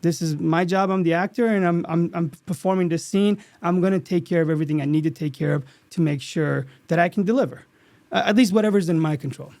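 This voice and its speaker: A man guest on an interview podcast, telling a story from a set in an earnest, animated way with lots of restarts. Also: fairly high pitch, fast, dry recording. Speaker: actor guest.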